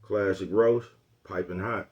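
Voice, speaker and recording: A relaxed man talks straight to his own channel's viewers in a slightly low voice. He brags easily about his own skills, chuckles between phrases and loops back to the same catchphrase. He sounds unhurried and loose. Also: highs cut off. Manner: laid-back, boastful, keeps asking "you know what I'm talking about". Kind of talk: casual rambling vlog talk.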